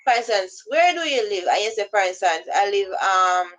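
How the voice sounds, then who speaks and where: A woman's voice: medium pitch, expressive, moderate pace, background noise. A woman giving casual advice about spotting scammers, rambling and acting out both sides of phone calls. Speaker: vlogger giving scam-awareness advice. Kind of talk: casual instructional talk.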